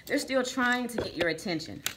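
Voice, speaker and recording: A woman's voice: a little high, expressive, moderate pace, background noise. A woman reading tarot cards for her viewers, emphatic and repeating "okay?" and "right?" as she goes. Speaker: tarot reader.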